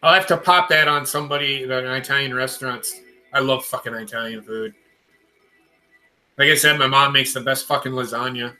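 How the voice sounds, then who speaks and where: A man's voice: mid-range voice, steady tone, normal speed, sharp tone, faint music behind. A man hosting a casual livestream chat, loose and profane, talking to viewers by name. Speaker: show host.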